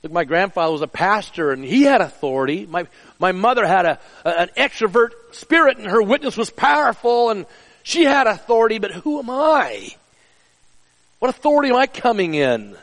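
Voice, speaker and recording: Middle-aged man, pastor type, earnest sermon style, high pitch, hall reverb. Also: sing-song, normal speed. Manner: earnest preaching, drops soft and low for personal stories.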